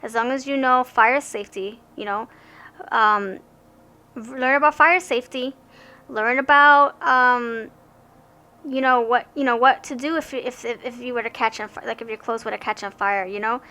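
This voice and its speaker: A bright, higher-pitched young woman talks through a tarot reading in a loose, rambling way. She often stumbles and restarts words, and her voice is clear and forward. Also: fairly even intonation, normal speed. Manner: chatty, rambling, stammers and restarts. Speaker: tarot card reader. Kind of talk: casual tarot reading to camera.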